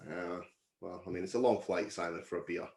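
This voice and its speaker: A man's voice: deep voice, fairly even intonation, a little fast, vocal fry, a little mellow. A man hosting a casual podcast, teasing and joking with his co-hosts. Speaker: podcast host. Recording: echoey room.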